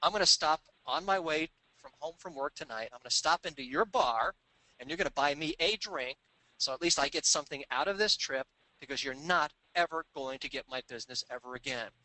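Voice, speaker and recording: A man telling a sales anecdote in an animated, conversational way, acting out the people he quotes. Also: fairly high pitch, fairly quick, rough recording. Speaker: sales trainer telling a story. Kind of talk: storytelling business talk.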